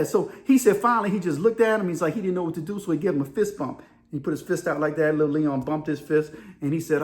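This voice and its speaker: A man's voice: high-pitched, a little mellow. A middle-aged man telling a story in a casual monologue, acting out voices and sound effects and laughing often. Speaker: storyteller and channel host.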